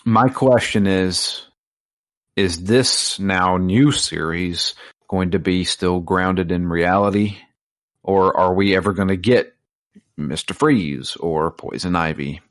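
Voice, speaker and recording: A man with a very low voice chatting as a podcast co-host. His speech is dry and close to the mic, with no room sound. He talks in a playful, teasing way. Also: slow pace, no echo. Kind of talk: casual chat.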